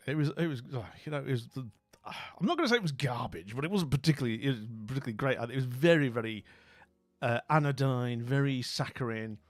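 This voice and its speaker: In a chatty, rambling way full of asides and self-mockery, a British man who hosts a channel tells a casual anecdote. His voice is mid-range, recorded with no echo.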